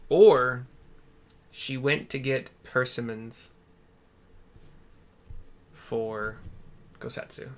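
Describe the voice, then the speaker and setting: A man's voice: mid-range voice, steady tone, takes it slowly, pauses often, fairly bright tone. A man talking casually while playing a video game, tossing out offhand asides and frequent swearing. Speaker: gamer. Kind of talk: casual let's-play commentary.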